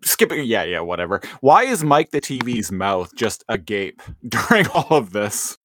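Brief: lowish male co-host, loose and giggly, dry close sound. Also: sing-song, unhurried, fairly bright tone, no room sound. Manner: laughing, rambling with many fillers. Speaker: podcast co-host. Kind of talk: casual chat.

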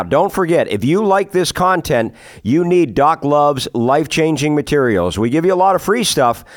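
A man hosting a podcast, reading a scripted introduction in a brisk, promotional way. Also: mid-range voice, dry recording, clean studio sound. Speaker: podcast host.

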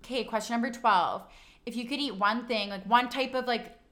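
A woman's voice: on the high side, fairly quick, fairly bright tone. A young woman co-hosting a podcast, reading out questions and chatting casually with many fillers, talking to listeners as "you guys". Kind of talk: casual chat.

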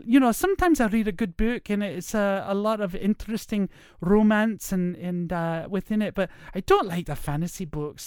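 A man puts on a prim elderly Scottish nanny who chatters on in a soft, raised falsetto. She speaks in a genteel, Scottish-accented way, and the sound is smooth and dry. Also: dry recording, lightly acted.

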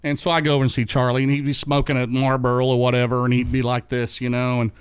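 A man's voice: mid-range voice, completely flat delivery, fast, smooth, no room sound. A middle-aged man telling casual racing stories as a guest, rambling with restarts and chuckles. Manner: rambling, many restarts and asides. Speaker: guest recalling dirt track racing. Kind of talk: casual storytelling chat.

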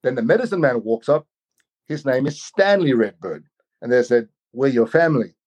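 A man's voice: mid-range voice, big pitch swings, moderate pace, darkish tone, slightly rough. A man recounting a personal story over a video call, rambling, repeating words and leaning on fillers. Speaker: guest. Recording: slightly muffled video call audio.

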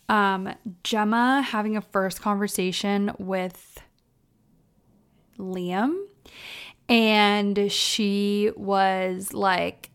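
A young woman hosting a podcast, recapping casually and chatting away, acting out other people's quotes in her own voice. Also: medium pitch. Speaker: podcast host. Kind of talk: casual solo recap chat.

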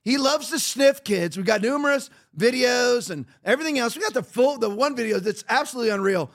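On his podcast, a middle-aged man with a high-pitched, fairly bright voice offers political commentary in an animated, brisk manner. He hammers his points emphatically and repetitively, relying on sarcasm.

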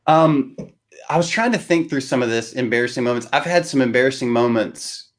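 A man, a guest preacher on a podcast, telling embarrassing stories in a lively way with laughs. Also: medium pitch, a little fast. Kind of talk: casual storytelling.

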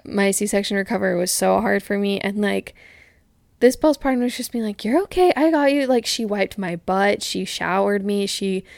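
A woman's voice: medium pitch, normal speed, vocal fry, no echo, studio quality. A woman in her twenties hosting a casual talk show, chatting candidly and reading listener stories, with frequent "like" fillers. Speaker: podcast host.

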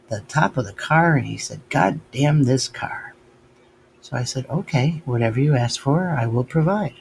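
An older man giving a reflective, halting spiritual monologue and retelling his talks with God. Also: medium pitch, a little hiss or hum, rough recording. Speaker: speaker sharing spiritual reflections.

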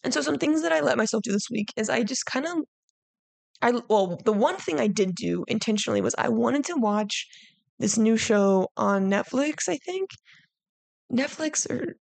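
A woman's voice: a little high, gravelly, darkish tone, no room sound. A woman hosting a solo podcast, chatting casually and frankly, full of "like" and the odd swear word, heartfelt and emotional as she reflects. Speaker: podcast host.

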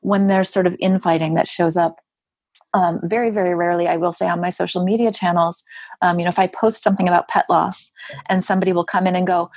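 A woman guest on a podcast interview, speaking earnestly and emphatically about compassion, with rhetorical questions and playful jumps into a higher voice for asides. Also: level tone, fast talker, a little mellow, no room sound. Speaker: grief writer and guest.

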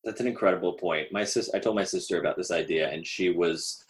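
Nasally southern-raised guy on a podcast, lowish voice, rambly and excited. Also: fast. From American South. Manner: chatty, rambling, enthusiastic. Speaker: podcast guest. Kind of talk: casual podcast conversation.

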